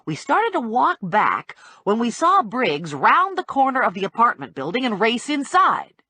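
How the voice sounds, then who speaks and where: A woman reading a first-person audiobook in a wry, brisk storytelling manner, on a close studio mic. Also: a little high, huge pitch swings, pushed and bright, husky, no echo. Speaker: audiobook narrator.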